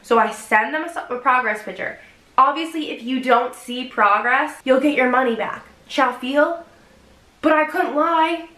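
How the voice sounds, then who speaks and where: A young vlogger addresses her camera casually, her talk peppered with "like" and full of expression. Her voice is a touch high, bright and up-front, moving at a moderate pace, while the room around her echoes noticeably.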